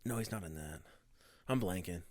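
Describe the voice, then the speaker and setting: A man's voice: sits low, moderate pace, a little mellow, no room sound, studio quality. A young man co-hosting a podcast in loose, casual chat, cursing freely and laughing between lines. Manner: laid-back, swears often, laughs between lines. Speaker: podcast co-host.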